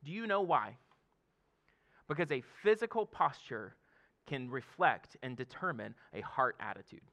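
A pastor in his thirties delivers a sermon in a relaxed, talky way, often laughing and checking in with the room. His voice has a gravelly edge. It also carries a bright, forward tone. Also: medium pitch, measured pace. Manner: conversational preaching with frequent laughs and "okay?" asides.

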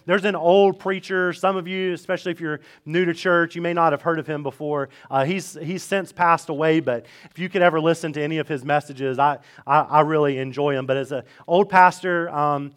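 A pastor in his thirties preaches to his church. He talks in a loose, chatty way and repeats his key phrases slowly for emphasis. His voice sits a little higher than most men's. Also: fairly even intonation, fairly bright tone. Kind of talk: sermon. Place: church sanctuary.

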